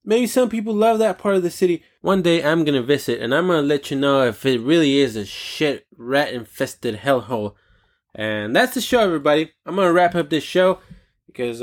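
A man with a non-native English accent hosting a casual venting podcast, talking bluntly with profane, rambling asides. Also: on the high side. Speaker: podcast host.

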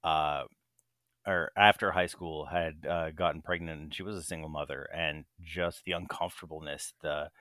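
A man's voice: very deep voice, fairly even intonation, normal speed, pushed and bright, no room sound, studio quality. A man co-hosting a casual podcast from his bedroom, rambling and joking at his own expense. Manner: rambling, joking, self-deprecating. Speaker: podcast co-host. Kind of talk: casual chat. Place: hot small bedroom with no fan. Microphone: desk microphone.

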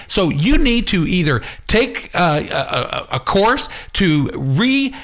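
An internet radio host with a sing-song voice speaks slowly with hardly any pauses. He rants angrily, yelling, swearing heavily and raising his pitch in rage, then shifts to casual chat about upcoming shows.

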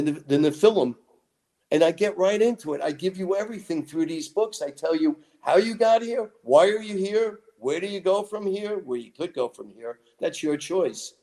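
A man speaking in a rather high voice for a man, talking as a guest in an interview. He spins long, rambling stories with lots of drama, acting out his own lines as he goes. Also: dark tone. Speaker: guest author and lecturer. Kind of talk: animated storytelling interview.

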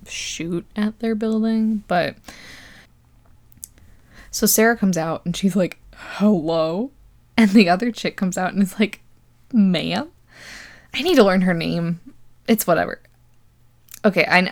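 A young woman rambles through a movie recap in a loose, sarcastic podcast style. She laughs often and swears freely, with an easy, mid-pitched voice. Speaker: podcast host.

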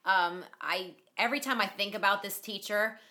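A woman co-hosting a podcast in casual chat, listening closely and quick to laugh along. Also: medium pitch, pushed and bright. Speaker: podcast co-host.

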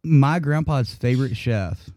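Male podcast co-host, lively storyteller, bouncy intonation, dry close mic. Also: mid-range voice, measured pace, dry recording. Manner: animated storytelling, laughs often. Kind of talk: casual joking chat.

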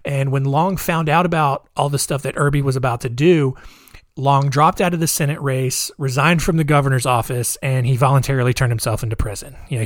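A man recounts a history story in a loose, conversational way, full of fillers and wry asides. His pitch sits in the middle range. The recording is dry and close. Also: dry recording.

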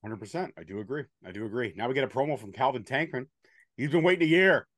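A man's voice: mid-range voice, lively intonation, quick pace, fairly bright tone, no room sound. A man hosting a casual chat, recapping events in a bantering, profane play-by-play way. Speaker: podcast host recapping wrestling.

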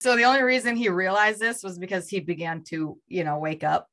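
A woman's voice: medium pitch, fairly even intonation, a little fast, fairly bright tone. A woman podcast host telling a true crime story in a casual, conversational way, with fillers. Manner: reads out a story with fillers, voicing quoted lines.

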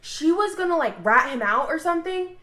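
A high-voiced woman chats on a podcast, animated and loose with her swearing, hiccuping now and then. Her pitch leaps around a lot. The sound rings in an echoey room. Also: fairly quick. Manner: animated, swearing, laughs while telling news. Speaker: podcast co-host. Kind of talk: casual podcast chat.

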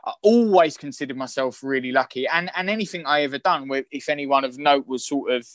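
A man with a London accent, a guest actor chatting in a rambling, halting way with many restarts. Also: medium pitch, a bit bright, no echo. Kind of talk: casual chat.

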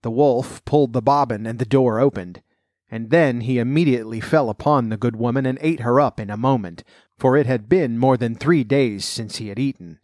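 A man reads an old fairy tale aloud at a measured, steady pace. His voice sits in a middle pitch. The recording is close and dry, with no room echo. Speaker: narrator.

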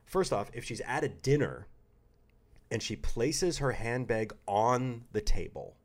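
A man's voice: mid-range voice, lively intonation, unhurried. A man co-hosting a casual podcast chat, rambling and joking, slipping into quoted voices. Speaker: podcast co-host.

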